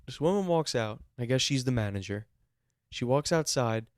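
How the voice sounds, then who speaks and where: A man's voice: mid-range voice, expressive, normal speed, no room sound, clean studio sound. Exasperated man ranting on a podcast. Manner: exasperated, swears casually. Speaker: podcast co-host. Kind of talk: casual storytelling rant.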